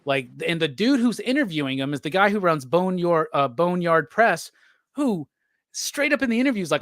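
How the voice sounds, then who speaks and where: Animated, profane male podcast host. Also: sits high, normal speed, no echo, studio quality. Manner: animated, profane, slangy, acts out quotes. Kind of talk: casual conversation about comics.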